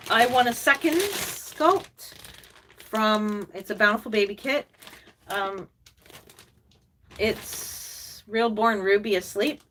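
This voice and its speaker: An older woman, a reborn doll artist and collector, hosts a casual live stream with a voice on the high side. She chats, reads viewer comments, and rambles with lots of fillers and laughs, sometimes slipping into soft, cooing baby talk. She's recorded from a distance with slight background noise.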